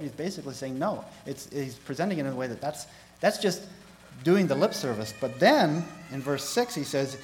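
A man giving a sermon, reading scripture aloud, growing louder and higher on key verses and asking the congregation questions. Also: expressive, moderate pace, slight background noise, low-quality recording. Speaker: pastor.

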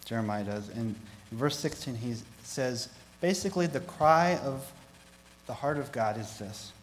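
Preacher, male, mid-pitched, reads scripture and builds intensity, quizzes his listeners; faint hum under the recording. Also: unhurried, rough recording. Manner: reads scripture aloud, rising and louder on key verses; asks the congregation questions. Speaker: pastor. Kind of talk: sermon.

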